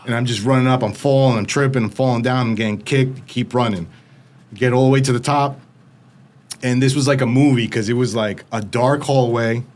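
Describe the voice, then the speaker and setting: A man's voice: medium pitch, fairly even intonation, fairly quick, darkish tone. Man telling a gripping story. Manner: vivid storytelling with frequent "like" fillers. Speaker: podcast guest. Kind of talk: recounting a personal story.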